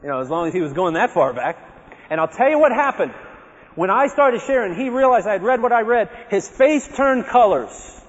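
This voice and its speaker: A man giving a personal testimony talk to an audience, telling his story in a lively way and acting out his own remembered words. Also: high voice, a little fast. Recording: dull, echoey hall recording.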